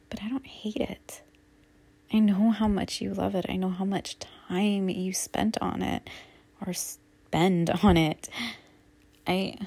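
A woman in a whispered role-play, soft and halting as she apologizes to an upset partner. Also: mid-range voice, slightly rough. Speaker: audio role-play performer playing a girlfriend.

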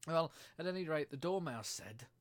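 A man's voice: on the high side, lively intonation, normal speed, pitched above the performer's own voice. Man doing a trembling, nervous hatter. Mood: anxious. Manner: anxious and pleading.

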